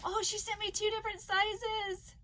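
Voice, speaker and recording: Very high-voiced, gushing woman vlogger. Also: normal speed, a little hiss or hum. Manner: gushing and excitable, gasping often. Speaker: crochet vlogger. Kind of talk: casual unboxing chat to viewers.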